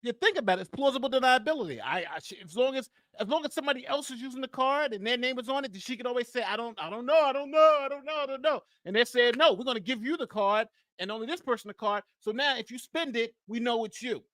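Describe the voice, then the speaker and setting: Fast-talking bright-voiced male commentator. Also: very high-pitched, expressive, dry recording. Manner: rapid, mocking play-by-play. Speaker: livestream host. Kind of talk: live commentary.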